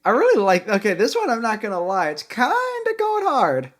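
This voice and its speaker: A man's voice: high voice, wildly swooping pitch, fairly quick. Man musing over guitar parts. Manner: musing, comments on guitar parts between songs. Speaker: album reaction host. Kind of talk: casual reaction commentary.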